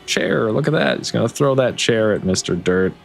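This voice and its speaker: A man with a fairly low voice runs a tabletop game session, explaining rules and calling turns in a loose, casual way. He apologizes often and laughs easily. Faint music plays behind him. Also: lively intonation, moderate pace, creaky. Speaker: game master.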